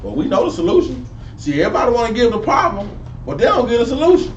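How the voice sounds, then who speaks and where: High-voiced street preacher, distant and roomy. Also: male voice, quick pace, highs cut off. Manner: preachy, animated, sidewalk slang, rising to near-shouts. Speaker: street preacher teaching a class. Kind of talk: street Bible teaching. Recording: roomy, distant mic with faint noise.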